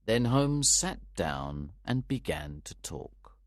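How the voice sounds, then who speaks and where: A man reading a story slowly and clearly for English learners, in a deliberate narration style. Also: on the low side, sing-song, dry recording, studio quality. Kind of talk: graded-reader narration.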